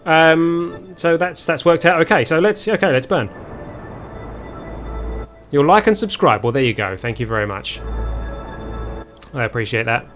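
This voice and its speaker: A man's voice: a little high, moderate pace, fairly bright tone, soft background music. A young man streaming a space game live, talking viewers through his moves with many ums and restarts. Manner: hesitant, full of ums, chats with viewers. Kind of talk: live gameplay commentary.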